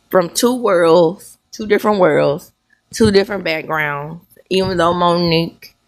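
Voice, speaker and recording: A middle-aged woman with a Southern accent, hosting a sassy, animated commentary show with drawn-out emphasis. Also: medium pitch. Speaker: host. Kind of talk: casual commentary.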